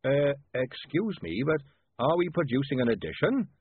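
A man's voice: mid-range voice, sing-song, moderate pace, a little hiss or hum, natural voice. Man doing a dry polite dwarf foreman. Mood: politely dry. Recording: tinny dry lo-fi audiobook recording.

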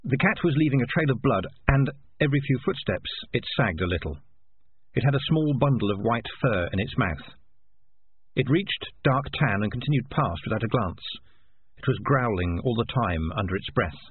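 Man narrating a storybook, husky and lively, tinny phone-line quality. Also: mid-range voice, moderate pace, no room sound. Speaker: audiobook narrator. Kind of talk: scripted narration.

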